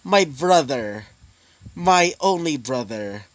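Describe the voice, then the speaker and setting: A man's voice: fairly high pitch, lively intonation, slow pace, dry recording. A man voicing a male demon lord who pleads and then sneers in a raised voice. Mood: gloating.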